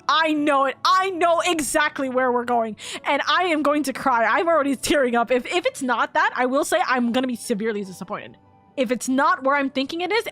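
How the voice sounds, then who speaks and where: A woman's voice: sits high, fairly bright tone. A woman game streamer in casual chat, rambling dramatically and repeating herself, with faint game music behind her.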